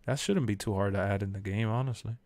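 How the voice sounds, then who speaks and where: A young man chatting casually on a live stream, answering chat in loose slang and bursting into loud shouts when he quotes people. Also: on the low side, fast, dry recording. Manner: animated, jumps to shouts when quoting.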